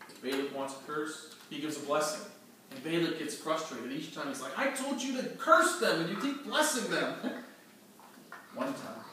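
A man's voice: a little high, a bit bright. A man teaching a storytelling Bible lesson to a group, acting out scenes and quizzing his listeners. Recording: echoey room, distant mic, faint noise.

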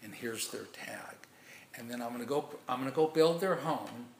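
A man's voice: medium pitch, moderate pace, a little hiss or hum, natural voice. A man voicing a rich, righteous king disguised as a peasant in a story, plain and kindly. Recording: echoey room.

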